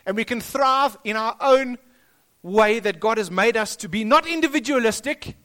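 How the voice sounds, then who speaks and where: A man's voice: extremely high pitch, normal speed, sharp tone. A South African man preaching a sermon to his church in a school hall, emphatic and repetitive. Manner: emphatic, rising and dropping for stress, repeats phrases. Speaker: pastor.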